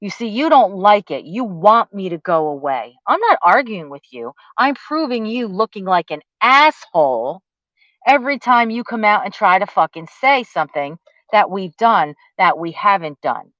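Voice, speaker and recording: A woman's voice: mid-range voice, sing-song, moderate pace, a bit bright, dry recording. A woman vlogger delivering an angry, profane, confrontational rant straight at her target, mocking and accusatory. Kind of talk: angry direct-to-camera rant. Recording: dull lo-fi dry audio.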